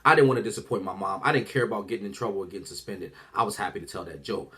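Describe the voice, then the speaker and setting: A man, a comedian, telling a lively personal story and acting out the other people in it. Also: fairly low pitch, rapid-fire. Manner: animated, acts out voices, swears freely. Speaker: stand-up comedian. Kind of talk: storytelling stand-up.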